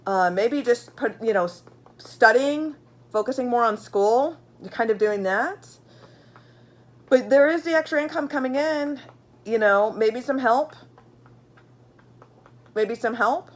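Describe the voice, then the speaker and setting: A woman with a fairly high voice reads tarot for her viewers, speaking unhurriedly and pausing often. She's blunt and swears freely, chatting casually and repeating herself with plenty of fillers as she pulls cards.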